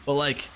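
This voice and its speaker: A man's voice: pushed and bright, slight background noise. An American man streaming a game, chatting casually with his viewers in a rambling way, full of fillers, swearing and laughter. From United States. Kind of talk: casual livestream chat with viewers.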